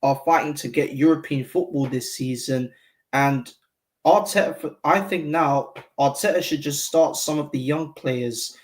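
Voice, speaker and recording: A man's voice: on the high side, a little slow. A man who is a regular guest on a fan show, giving frank opinions in a rambling way with lots of "like". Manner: frank, rambling, heavy use of "like". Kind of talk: casual opinion chat.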